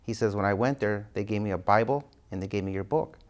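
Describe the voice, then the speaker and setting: A man's voice: fairly low pitch, fast. A man being interviewed as an author, telling stories animatedly and acting out the dialogue he quotes. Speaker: guest author. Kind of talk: interview storytelling.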